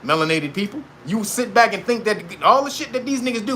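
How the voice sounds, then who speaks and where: High-voiced man ranting with laughter. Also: a little fast, hardly any pauses, slight background noise. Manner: profane, laughing often, animated. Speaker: commentator. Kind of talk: casual rant monologue.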